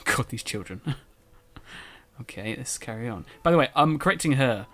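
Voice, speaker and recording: Giggly young male gamer, mid pitch, excitable commentary. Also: normal speed. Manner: excitable and giggly, cooing at animals. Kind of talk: let's play commentary.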